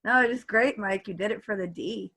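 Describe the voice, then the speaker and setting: A woman co-hosts a casual podcast chat in a quiet, encouraging voice. Her voice sits at an ordinary middle pitch. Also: fairly quick, slightly rough. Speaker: podcast co-host.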